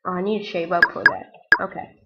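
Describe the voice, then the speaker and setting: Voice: a little fast, dull audio, heavy background noise. A player commenting on a game in a put-on girly voice, yelping and shrieking when things go wrong. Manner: put-on girly high-school voice; excitable, yelps and shrieks when losing. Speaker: gameplay commentator. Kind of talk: let's play commentary. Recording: loud game music behind.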